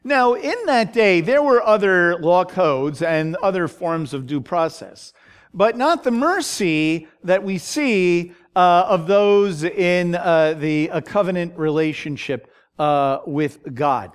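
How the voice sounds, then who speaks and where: A man teaching a Bible study, talking in a halting way with many fillers and frequent "okay?" check-ins. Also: high voice, expressive, clean tone.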